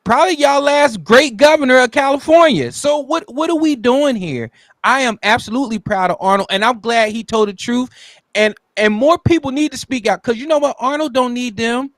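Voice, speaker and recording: A man's voice: very high-pitched, moderate pace, a bit bright, dry recording. A man co-hosting a podcast, talking in a heated, sarcastic, opinionated way. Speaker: podcast co-host. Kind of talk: casual opinionated chat.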